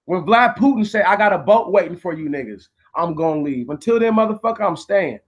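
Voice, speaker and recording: Man, high voice, angry profane live-stream rant, repetitive, argues with chat. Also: lively intonation, a little fast.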